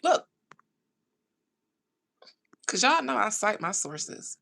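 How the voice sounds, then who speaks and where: Vocal fry and a sharp tone mark this medium-pitched woman's voice, which swings widely in pitch. As a channel host ranting casually to viewers, she's sarcastic, slangy, and mildly profane, dragging out the key words she stresses.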